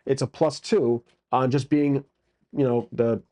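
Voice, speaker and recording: A man's voice: mid-range voice, fairly even intonation, unhurried, dark tone. A man casually narrating a solo tabletop game as its game master, with crude jokes and many fillers.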